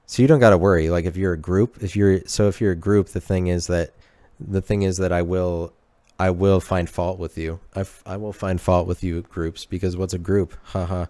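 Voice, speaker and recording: Rambling low-voiced man, dry close mic. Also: fairly even intonation, moderate pace, mellow, no echo. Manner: rambling, restarting sentences, ironic self-talk. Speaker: podcast host. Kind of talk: rambling comedic monologue.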